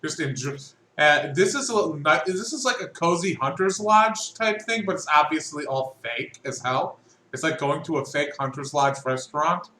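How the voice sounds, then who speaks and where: Man, game master, bright tense voice, slightly high, echoey room, faint hiss. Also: animated. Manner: quick, rambling, lots of fillers. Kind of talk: running a tabletop game over voice chat.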